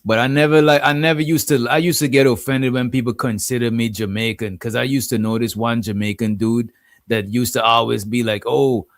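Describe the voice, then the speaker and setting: A man's voice: mid-range voice, steady tone, fairly quick, no room sound. A Guyanese man talking loosely on his stream, circling back to his points and checking in with the listener. His voice sits in a middling range and sounds close and dry, with no room around it. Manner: rambling, peppers talk with "you know what I'm saying". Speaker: livestream host. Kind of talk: casual livestream commentary.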